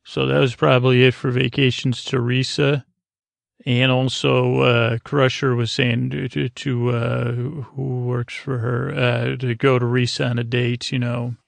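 Gravelly, flat-voiced man rambling a recap. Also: medium pitch, dry recording. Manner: halting, full of fillers and restarts. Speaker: podcast host recapping a TV episode.

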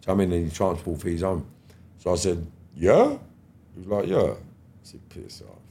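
Gravelly middle-aged man telling tales. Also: sits low, fairly quick. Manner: animated, acts out dialogue with slangy swearing. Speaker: podcast guest. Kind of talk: casual storytelling interview.

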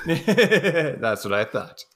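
A man's voice: fairly high pitch, big pitch swings, very slow, a bit bright, husky. A man co-hosting a casual movie chat, answering with short wry reactions and chuckles. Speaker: podcast co-host.

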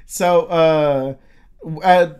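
A man's voice: a little high, fairly even intonation, extremely slow, a little mellow, clean tone. A man telling a story in casual chat, rambling with lots of fillers and swearing freely.

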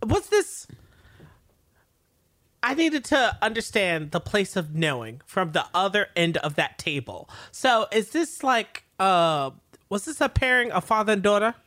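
A woman's voice: mid-range voice, sing-song, measured pace, fairly bright tone. A woman co-hosting a casual recap podcast, talking in a laid-back way. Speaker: podcast co-host.

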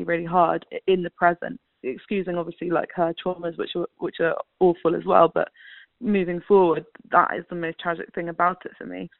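A woman's raised voice comes through a tinny phone line, earnest and considered. Her pitch stays flat with a gravelly fry, and the sound is dry and close. She speaks as a guest writer giving her view. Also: no room sound. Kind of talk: phone interview commentary. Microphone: phone call.

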